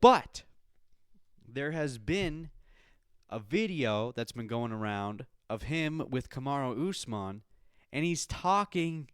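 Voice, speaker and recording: A man hosting a podcast in casual chat, excitable and swearing freely, calling the listener dude. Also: medium pitch, takes it slowly, smooth, no echo, clean studio sound. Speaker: podcast host.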